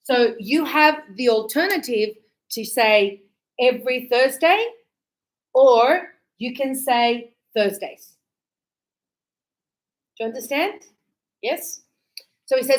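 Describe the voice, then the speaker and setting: Slow-paced lively woman teaching a class. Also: fairly high pitch, low-quality recording. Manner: lively, acts out student dialogues with quick questions. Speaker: English teacher. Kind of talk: classroom lesson.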